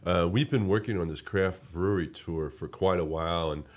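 A man's voice: low-pitched, moderate pace. A man, a resort representative chatting casually in an interview, rambling with many restarts.

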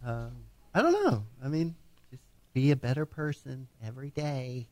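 A man's voice: medium pitch, very animated, moderate pace, heavy background noise. A man in a casual group chat, laid-back and mumbling. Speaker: guest.

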